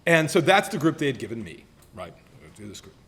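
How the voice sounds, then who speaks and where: A man's voice: mid-range voice, very animated, fairly quick, a bit bright. A man in his sixties giving a self-deprecating roast speech, teasing colleagues with playful mock voices. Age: 60s. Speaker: retiring professor being roasted. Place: banquet hall.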